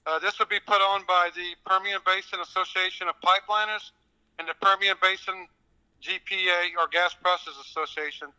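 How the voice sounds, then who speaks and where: Southern guy from louisiana, high bright voice, polite yes-sir answers on a radio show. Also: fairly even intonation, a little fast, clear, resonant tone, poor audio. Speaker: guest. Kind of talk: radio interview.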